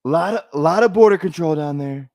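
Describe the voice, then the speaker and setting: Man voicing a campy, boastful older politician, pushed up in pitch, dry close sound. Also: fast talker, a little mellow, no echo, natural voice. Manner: bragging, exaggerated, campy. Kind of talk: comic impression on a live stream.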